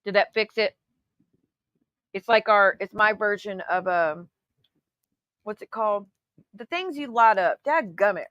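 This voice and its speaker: A woman's voice: medium pitch, unhurried, long pauses, a bit bright, smooth, no echo, lo-fi sound. A woman hosting her own channel, giving sarcastic, profanity-laced casual commentary on clips. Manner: sarcastic, profane, calls people honey. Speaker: YouTube host reacting to clips.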